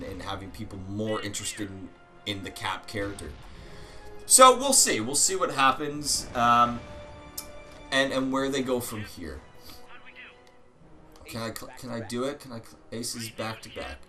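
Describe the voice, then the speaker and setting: A man with a medium-pitched voice hosts a let's play, chatting casually over the gameplay. He breaks out in sudden excited bursts and swears.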